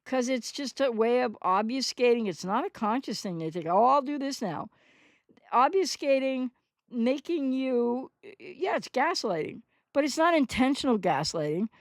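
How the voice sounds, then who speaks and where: A woman in her sixties with a fairly high voice talks straight to the camera in an unscripted monologue. She rambles and is candid, stopping to correct herself as she goes. The sound is close and dry, with no room behind it. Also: expressive, normal speed, no echo. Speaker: recovery channel host. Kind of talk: unscripted monologue answering a commenter.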